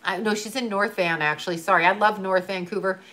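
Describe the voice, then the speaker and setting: A woman's voice: medium pitch, fairly even intonation, a little fast, pushed and bright. A woman from Canada ranting on a casual livestream, blunt and profane, answering viewers' comments. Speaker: livestream host.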